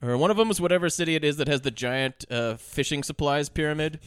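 A man's voice: a little high, fast, clear, resonant tone, dry recording, studio quality. A man co-hosting a movie podcast in casual, jokey chat. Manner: jokey, slips into silly voices. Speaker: podcast co-host.

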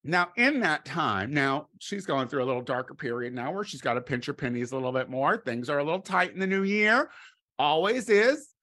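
A middle-aged man delivering a crude comedic monologue, campy and animated, swinging between loud exclamations and low muttered asides. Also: a little fast, hardly any pauses.

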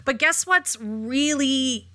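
A woman's voice: sits high, expressive, slow, sharp tone. A woman co-hosting a podcast in casual conversation, speaking emphatically, with rhetorical questions and some casual swearing. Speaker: podcast co-host. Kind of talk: casual chat.

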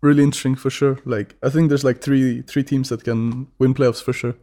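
Easygoing gamer. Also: male voice, mid-range voice, level tone, fairly quick, dark tone. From Sweden. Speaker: guest, pro gamer. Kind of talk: casual interview chat.

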